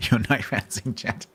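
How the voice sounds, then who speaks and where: A man chatting calmly on a game livestream, rambling with fillers and restarts. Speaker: game streamer. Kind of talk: casual livestream chat.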